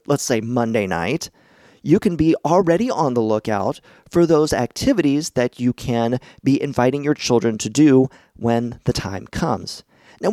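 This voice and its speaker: Speaking with a medium-pitched, dark-toned voice, a middle-aged podcast host records from his home basement, offering casual instructional talk. He's chatty and encouraging and laughs often while explaining, and the studio-quality audio has no echo.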